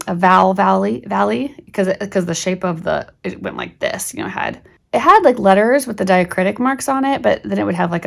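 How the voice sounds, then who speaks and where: A woman's voice: mid-range voice, gravelly. A middle-aged woman talking casually through a reading primer as a homeschool channel host, rambling with many fillers and restarts.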